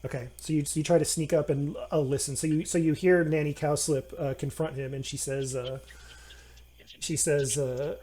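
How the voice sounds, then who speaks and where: A man acts as game master narrating a tabletop game, speaking haltingly with many fillers and restarts. His voice is slightly high, mellow, and steady in tone.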